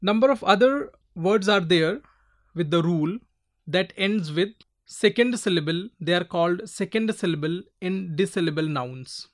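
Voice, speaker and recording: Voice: mid-range voice, expressive, normal speed. A teacher giving a recorded pronunciation lecture to learners, spelling out word endings letter by letter and repeating each example word several times.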